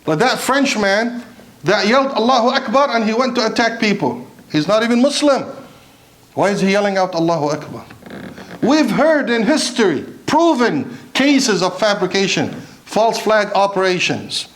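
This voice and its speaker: A man delivering a Friday sermon with a high voice. He preaches with passion, asks his listeners pointed rhetorical questions and slips into Arabic recitation. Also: big pitch swings, normal speed, fairly bright tone.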